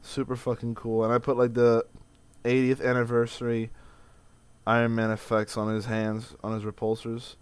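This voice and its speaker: Smooth-voiced young man venting profanely. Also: medium pitch, completely flat delivery, moderate pace, no room sound. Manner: rambling, profane, many restarts. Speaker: vlogger. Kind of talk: casual venting vlog.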